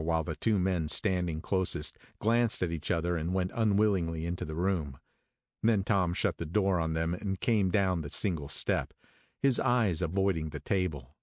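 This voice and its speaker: A man narrating an audiobook in a measured, steady first-person reading. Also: low-pitched, no echo, clean studio sound.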